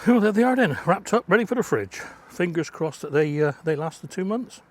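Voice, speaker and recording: A man's voice: high-pitched, lively intonation, a little fast. A man chatting casually as he works on his allotment, muttering asides as he goes. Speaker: allotment gardener vlogger. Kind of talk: casual chat while gardening. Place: outdoors at an allotment plot.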